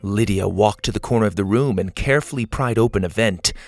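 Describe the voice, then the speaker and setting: A man narrating a children's science fiction storybook in a gentle, expressive way. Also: on the low side, brisk, no echo.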